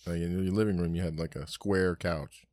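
Young guy on a podcast, lowish voice, cusses a lot, dry close mic. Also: fairly even intonation, fairly quick, darkish tone, no room sound. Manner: swears freely, tells stories with acted-out quotes. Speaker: podcast co-host. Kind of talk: casual chat.

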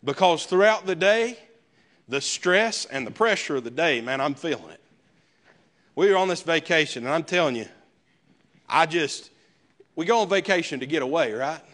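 A man's voice: fairly high pitch, animated, normal speed, long pauses, fairly bright tone. A male pastor, preaching a sermon in a conversational way with folksy asides. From American South.

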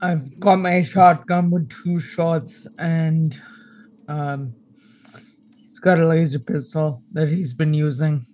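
A man's voice: a little high, fairly even intonation, measured pace, few pauses, darkish tone, a little hiss or hum. A man playing a tabletop game, laying out a tactical plan and stepping out of character to explain himself. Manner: planning tactics, mixes in-character whispers with out-of-character asides. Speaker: player.

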